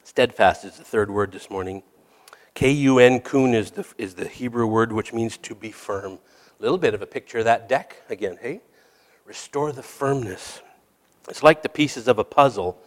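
A man's voice: medium pitch, moderate pace. A middle-aged man who works as a hospice chaplain, preaching a sermon in a candid, storytelling way with self-deprecating asides. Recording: long reverb of a hall.

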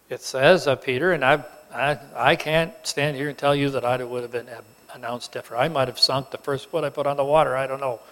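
A man preaching a sermon, telling the story with animated emphasis and acting out the characters. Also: on the high side. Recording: long hall reverb.

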